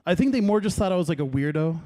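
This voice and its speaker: A man's voice: fairly high pitch, expressive, quick pace, dark tone. A man in his late thirties doing a rambling, self-deprecating stand-up set at an open mic, chatting with the crowd between stories. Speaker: stand-up comedian. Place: comedy open mic in a venue.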